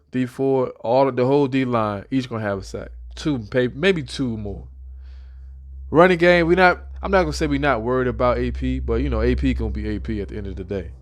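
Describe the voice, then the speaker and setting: This young man talks football as an excited fan in a casual prediction vlog. He repeats his points and runs through stats in a loose, chatty way. His voice sits at an everyday middle pitch for a man.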